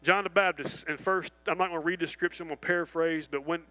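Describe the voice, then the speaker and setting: A man preaching a sermon in a church, animated and folksy, full of restarts and asides. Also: a little high, quick pace, poor audio. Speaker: pastor. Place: church sanctuary.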